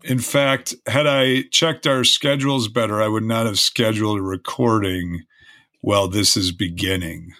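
A man's voice: fairly low pitch, steady tone, normal speed, sharp tone, no echo, clean studio sound. A man co-hosting a podcast, chatty and teasing as he riffs on holidays and sports. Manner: teasing, chatty, talks through sports trivia. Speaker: podcast co-host. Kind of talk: casual podcast chat.

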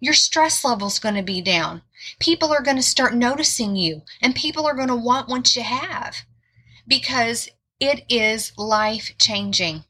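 Earnest husky-voiced woman preaching. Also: a little high, lively intonation, a little slow, sharp tone. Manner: earnest, repeats words for emphasis. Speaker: Bible teacher. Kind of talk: informal sermon.

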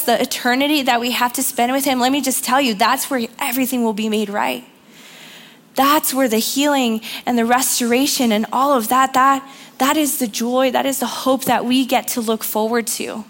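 A woman's voice: sits high, fairly even intonation, moderate pace, fairly bright tone. A young woman giving an earnest, encouraging sermon in church, repeating phrases for emphasis. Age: young adult. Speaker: youth speaker giving the sermon.

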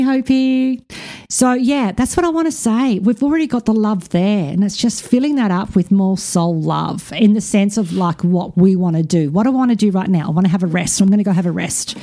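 A woman hosts a spiritual podcast in a loose, candid way, swearing freely and dropping quick asides. Her voice is mellow and warm. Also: mid-range voice. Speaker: podcast host; spiritual reader and coach. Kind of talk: casual spiritual talk.

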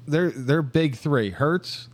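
A man's voice: fairly high pitch, takes it slowly. A man on a casual sports panel who jokes around and tells stories. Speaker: former lineman on panel.

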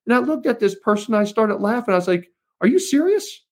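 A man's voice: high-pitched, fast talker. A man giving an impassioned political speech to supporters, rousing and repeatedly calling them folks. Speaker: political speaker.

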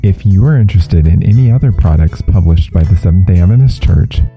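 Very deep, dark-voiced male announcer. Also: lively intonation, a little fast, creaky. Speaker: podcast announcer. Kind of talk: scripted closing announcement. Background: faint guitar music.

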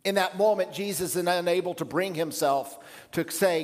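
Reflective male pastor in echoing hall. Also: high voice. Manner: measured, reflective preaching with pauses. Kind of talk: sermon.

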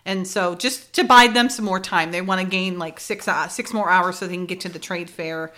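A woman's voice: on the low side, fairly even intonation, normal speed, bright, forceful tone. A woman co-hosting a casual chat, retelling TV scenes with frequent laughter and fillers. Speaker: podcast co-host recapping a TV episode.

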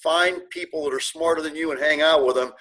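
A middle-aged man recounts his story in a relaxed interview, speaking with earnest, animated feeling and often restarting his sentences. His voice sits a bit higher than most men's and has a husky edge. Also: fairly quick, low-quality recording. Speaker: guest, car dealership owner.

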